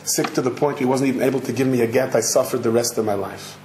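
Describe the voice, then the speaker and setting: A man voicing a gentle, consoling old woman who speaks some Yiddish, in an echoey hall. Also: mid-range voice, steady tone, fast, slight background noise, natural voice. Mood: sorrowful. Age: older.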